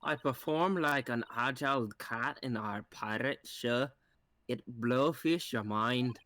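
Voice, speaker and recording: A man's voice: mid-range voice, slow pace, pushed and bright. A man voicing a perky female pirate-show performer in an amateur game dub, stumbling over puns. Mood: cheerful. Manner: pun-heavy, stumbling over words.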